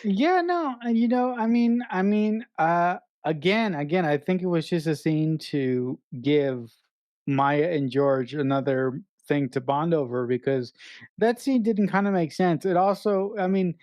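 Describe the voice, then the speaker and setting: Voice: mid-range voice, animated, a little slow, a little mellow, no room sound. Dry-miked, earnest podcast co-host. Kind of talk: casual film review chat.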